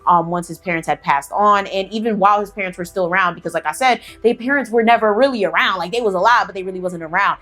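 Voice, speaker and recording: A woman's voice: medium pitch, fast talker, few pauses, a bit bright, faint music behind. A woman hosting a casual spooky storytime, chatty and profane, full of fillers and asides. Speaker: storyteller, channel host.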